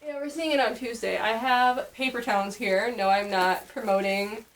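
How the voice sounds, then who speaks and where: A woman's voice: fairly high pitch, fairly even intonation, normal speed, low-quality recording. Young woman, upstate New York accent, casual filler-heavy vlogger chat. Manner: chatty, many fillers.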